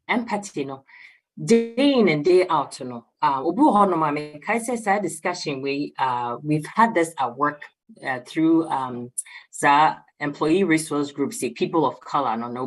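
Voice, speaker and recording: A Ghanaian woman speaks on a radio program in a low, slightly husky voice. She switches between English and Twi and gently calls her listener "dear" as she explains. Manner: mixes English and Twi, warm address with "dear". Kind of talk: explaining on a call-in radio talk.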